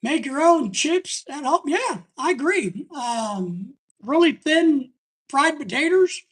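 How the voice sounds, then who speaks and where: A woman's voice: high-pitched, animated, slow pace. A woman hosting a live stream in casual chat, rambling and chatty as she reads viewer comments aloud.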